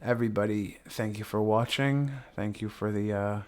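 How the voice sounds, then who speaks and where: A man's voice: on the low side, steady tone, normal speed, darkish tone, clear, resonant tone. A young man hosting a livestream, chatting casually in a rambling, playful way with lots of swearing. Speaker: livestream host.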